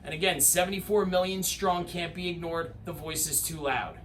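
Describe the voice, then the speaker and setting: A man's voice: fairly high pitch, steady tone, moderate pace, a bit bright, a little hiss or hum. A man giving an impassioned political address, rousing and emphatic, with rhetorical lists and repeated calls to action. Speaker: political commentator.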